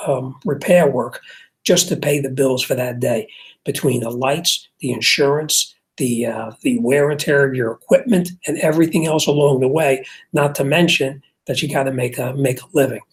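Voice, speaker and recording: A man hosting a casual shop talk show, explaining things plainly with some fillers and restarts. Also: medium pitch. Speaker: show host.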